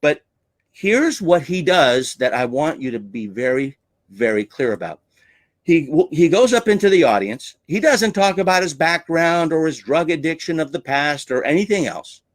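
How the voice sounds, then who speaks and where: A man's voice: fairly high pitch, animated, normal speed, no room sound. A man coaching on sales with a theatrical, emphatic way of talking. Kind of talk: teaching talk on selling.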